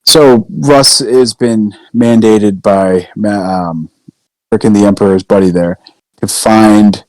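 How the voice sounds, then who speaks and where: A man speaking as a podcast guest, hesitant and halting with many fillers. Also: fairly low pitch, a little mellow, dry recording, low-quality recording. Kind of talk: casual chat.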